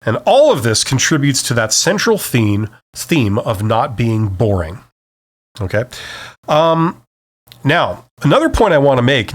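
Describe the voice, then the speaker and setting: A man hosting a solo advice podcast, speaking off the cuff and checking in with "okay?" after each point. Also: medium pitch. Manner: animated, says "okay?" after most points; varies volume and speed to demonstrate. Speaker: podcast host. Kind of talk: unscripted solo advice talk.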